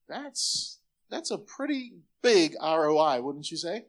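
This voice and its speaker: High-voiced pastor preaching. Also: male voice, normal speed. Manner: energetic, calls on the congregation to repeat phrases. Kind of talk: sermon.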